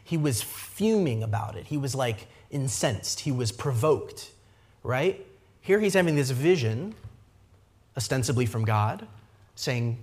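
A man preaching a sermon, retelling scripture in a lively conversational way, often adding asides and briefly acting out the characters' lines. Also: medium pitch. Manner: lively expository preaching, frequent asides with "right?"; acts out the characters' lines in quick voices. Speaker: pastor.

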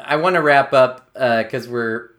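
A man's voice: medium pitch, unhurried, a bit bright. Hesitant American man hosting. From Pittsburgh area. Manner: hesitant, many fillers and restarts. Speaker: podcast host. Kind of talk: casual interview chat.

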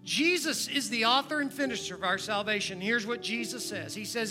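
A man preaching a sermon in a church and leading an invitation, swinging between loud urgent appeals and hushed prayerful moments. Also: sits high, fairly quick, few pauses, music in the background. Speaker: guest preacher, church member. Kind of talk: sermon with altar call. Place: church sanctuary.

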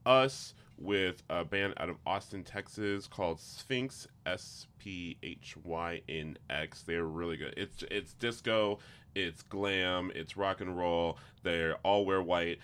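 A man hosting a casual podcast interview, gushing and excitable with lots of fillers. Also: low voice, takes it slowly, clear, resonant tone. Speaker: podcast host.

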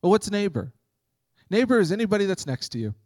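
A man's voice: high-pitched, sing-song, quick pace, a little mellow, no room sound. A man preaching a sermon as pastor, conversational and humorous, acting out Bible scenes.

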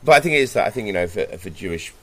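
Deep-voiced hesitant man. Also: expressive, rapid-fire, fairly bright tone, breathy edge. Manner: hesitant, repeats words, thoughtful. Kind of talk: casual conversation.

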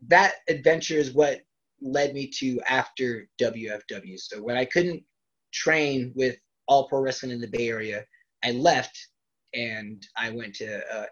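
A man's voice: mid-range voice, a bit bright. Profane self-deprecating male wrestler, dull audio. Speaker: professional wrestler. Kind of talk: casual storytelling interview.

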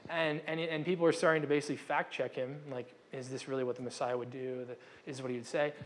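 A man's voice: medium pitch, fairly even intonation, fast. A young man giving a casual, conversational sermon as pastor, often breaking off mid-sentence and acting out quotes. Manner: conversational, self-interrupting, acts out quotes.

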